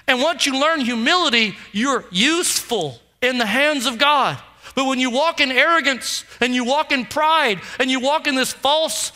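A male pastor delivers an impassioned sermon in a high, very bright voice. He pushes forward with urgency, then sinks into hushed, intimate tones when he tells a story.

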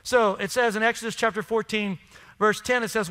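A man's voice: high voice, fairly even intonation, a little fast, bright, forceful tone, clean tone, big-room sound. A man preaching a sermon to his congregation, emphatic and conversational, asking the room questions. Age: adult with children. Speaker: pastor. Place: church sanctuary.

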